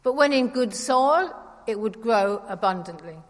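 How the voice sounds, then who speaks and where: A woman giving a conversational, gently wry sermon in church. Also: a little high, expressive, unhurried. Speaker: preacher. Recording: reverberant church hall.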